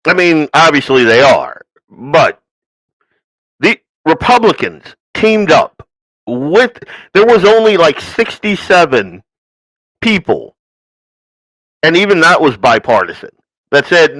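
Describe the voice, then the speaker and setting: A man delivers political commentary as the show's host, his voice rising and falling a lot as he rants. He speaks slowly and leans on sarcasm. The sound is dry and close. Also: on the high side, sing-song, a bit bright, no echo, rough recording. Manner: ranting, sarcastic, mocking asides. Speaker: podcast host.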